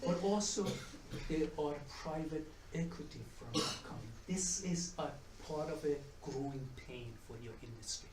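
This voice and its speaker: Middle-aged guy giving a talk, slightly high voice, heard from across an echoey room, chatty and repeats himself a lot. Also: unhurried, recorded from a distance, noisy background. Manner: chatty, repeats and restarts words, tells jokes. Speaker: economics professor giving a talk. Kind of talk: conference presentation. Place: conference room with audience. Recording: echoey room, mic from afar.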